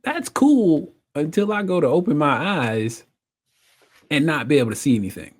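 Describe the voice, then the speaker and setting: A man tells his story in a loose, casual way. His voice sits a little high and swings widely as he acts out the people in it, with laughter breaking in often. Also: expressive, moderate pace, husky. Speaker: guest telling his story.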